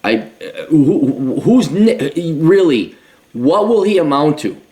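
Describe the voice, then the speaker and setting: A middle-aged commentary host rants sarcastically as he reads and reacts to an article, mocking it with mimicking asides. His voice is on the high side with big pitch swings, warm in tone, and slow.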